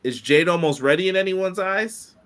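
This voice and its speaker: A man co-hosting a casual wrestling podcast, giving animated, quick opinions with many fillers. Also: high voice. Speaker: podcast co-host.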